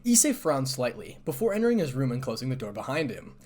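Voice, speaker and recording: A man narrating a fan fiction story aloud with steady storytelling delivery. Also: medium pitch, fast.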